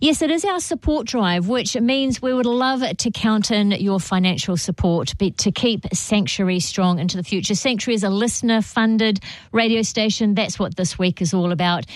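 A woman hosting a radio fundraising drive, bright and encouraging. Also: mid-range voice, moderate pace, no room sound. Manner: bright, encouraging, apologetic host patter. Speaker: radio host. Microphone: studio microphone.

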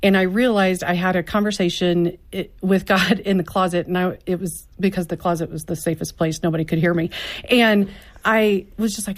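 Woman guest, earnest and reflective, lower voice, candid talk-show chat. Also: fairly even intonation, normal speed. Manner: earnest, reflective, quotes her own prayers. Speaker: podcast co-host and author guest.

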